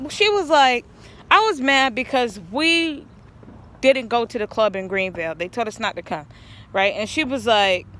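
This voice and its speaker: Woman vlogging outside, rambly and earnest, keeps restarting, sharp bright voice. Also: a little high. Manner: rambling, earnest, stop-start. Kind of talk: casual storytelling vlog. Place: outdoors.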